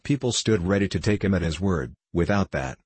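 A man's voice: low-pitched, lively intonation, a little fast, darkish tone, slightly rough, no room sound. A man narrating an audiobook in the first person, with a wry storytelling manner.

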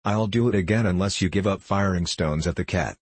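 A man reading the lines of a brave, principled teenage boy in an audiobook, with a calm, firm manner. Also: low voice, brisk, husky, no echo.

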